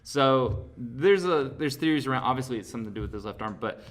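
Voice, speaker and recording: A young man co-hosting a casual podcast, relaxed and hedging, often unsure of himself. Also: medium pitch, fast, slight background noise. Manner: relaxed, hedging, self-deprecating. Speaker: podcast co-host. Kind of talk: casual chat.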